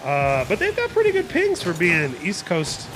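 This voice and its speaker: A man's voice: high-pitched, huge pitch swings, normal speed. A young man casting a live video game match with playful, jokey play-by-play over background music. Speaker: esports caster.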